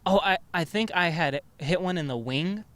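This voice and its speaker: Young male podcast host, rambling storyteller, crude, slightly high pitch. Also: moderate pace, a bit bright, dry recording. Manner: rambling storyteller, swears a lot. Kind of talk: casual chat.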